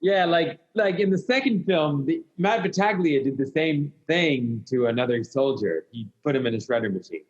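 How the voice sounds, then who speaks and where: Husky hesitant guest on a lo-fi line. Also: male voice, a little high, expressive, normal speed, hardly any pauses. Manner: hesitant, lots of "like" and "you know", short answers. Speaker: podcast guest. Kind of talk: casual interview answers. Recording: dull lo-fi sound.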